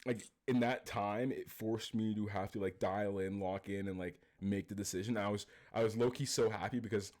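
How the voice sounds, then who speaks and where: Low-voiced slangy man. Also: steady tone, normal speed, hardly any pauses, a little mellow. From Canada. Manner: loose, slangy talk with lots of swearing and "right?". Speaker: podcast co-host. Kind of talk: casual chat.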